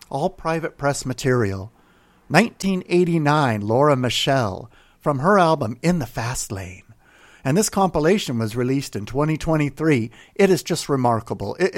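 A man working as a radio DJ, talking about records in a rambling, enthusiastic way from a studio. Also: medium pitch. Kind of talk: casual radio music commentary.

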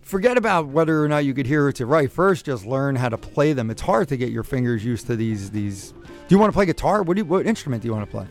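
A man's voice: medium pitch, animated, quick pace. A man hosts a call-in radio advice show in an ordinary mid-range voice. He rambles, restarts his sentences and corrects himself as he hands out friendly advice. Faint music plays behind him. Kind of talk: casual call-in chat.

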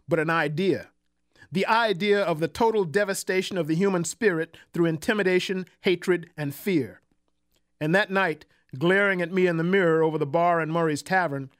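A man telling a first-person literary story in a measured, reflective manner. His voice sits fairly high for a man, and his delivery has a wry, thoughtful edge.

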